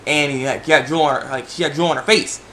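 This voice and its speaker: An excitable young man talks through an anime episode in a casual, rambling way, full of fillers and restarts. His voice sits a little high. A faint hiss runs under the recording. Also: quick pace. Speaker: anime reviewer. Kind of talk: casual video review.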